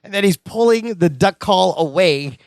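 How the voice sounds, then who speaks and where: Guy with a high voice, chatty podcast recap, dry close mic. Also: expressive, moderate pace, no room sound. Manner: acts out quoted lines in silly voices. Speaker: podcast co-host. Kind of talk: casual recap chat.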